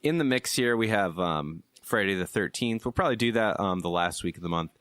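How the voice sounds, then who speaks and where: A young man with a lowish voice that still swings widely leads a casual gaming podcast, rambling in an easygoing way. The recording is close and dry. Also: lively intonation, a little fast, fairly bright tone, no echo. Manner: rambling, easygoing, runs the show's segments. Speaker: podcast co-host.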